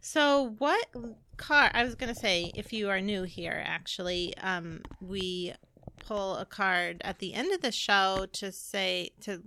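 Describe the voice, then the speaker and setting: A woman's voice: mid-range voice, takes it slowly, vocal fry, sharp tone, a little hiss or hum. A woman co-hosting a podcast in casual chat, rambling a little and laughing as she hunts for words. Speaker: podcast co-host, energy healer.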